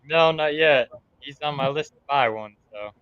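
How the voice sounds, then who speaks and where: A man's voice: a little high, normal speed, smooth, no echo, dull audio. A man joining a casual chat as a guest, agreeing readily and answering briefly.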